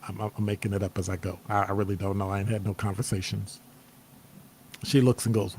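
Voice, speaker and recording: A man's voice: fairly low pitch, brisk, creaky. A man, hosting a casual motivational live stream and acting out people's reactions with playful exclamations. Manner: animated, acts out quoted reactions with playful exclamations. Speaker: host. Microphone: streaming setup microphone.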